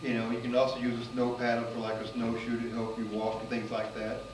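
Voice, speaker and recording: A man from the United States, a magician and comedian, casually telling a travel story in a rambling way full of fillers, getting animated at the exciting parts. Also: mid-range voice, fast talker. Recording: roomy and distant with faint noise.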